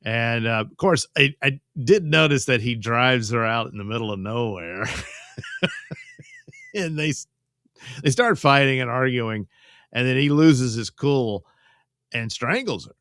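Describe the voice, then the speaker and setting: A man's voice: mid-range voice, animated, measured pace, long pauses, a bit bright, no room sound, studio quality. A man hosting a live stream and retelling a movie plot in a loose, rambling way, stammering and chuckling as he goes. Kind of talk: casual live-stream chat.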